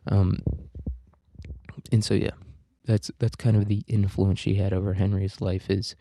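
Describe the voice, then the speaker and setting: A man's voice: fairly low pitch, flat delivery, unhurried, dark tone, dry recording. Young guy hosting a history podcast, profane and jokey, dry close recording. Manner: loose, profane and joking, with fillers and asides. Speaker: podcast host. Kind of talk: casual history podcast talk.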